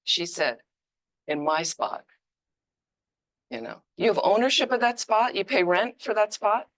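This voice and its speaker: A woman giving an informal, conversational dharma teaching with emphatic, lively asides. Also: mid-range voice, moderate pace. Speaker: Buddhist teacher.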